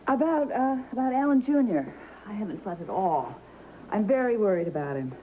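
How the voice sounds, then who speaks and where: A woman's voice: medium pitch, big pitch swings, brisk, mellow, a little hiss or hum, lightly acted, poor audio. An actress playing an anxious, insistent mother in a soap opera.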